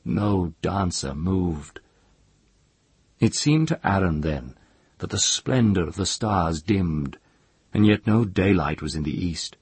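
A man reading a fantasy story aloud in a calm, measured storytelling voice. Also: low-pitched, breathy edge, no room sound. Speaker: narrator. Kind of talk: scripted audiobook narration.

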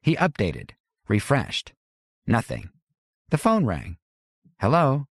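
A man reading a novel aloud as audiobook narrator, in a measured, wry storytelling manner. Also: on the low side, wildly swooping pitch, husky, no echo. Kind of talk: scripted narration. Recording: dry close studio.

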